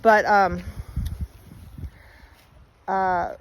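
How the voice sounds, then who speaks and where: A woman's voice: mid-range voice, little pitch movement, extremely slow, highs cut off, a little hiss or hum. A woman vlogger telling her life story in a candid, chatty way with many fillers and easy laughs, outdoors while walking her dog. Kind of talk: casual personal storytelling.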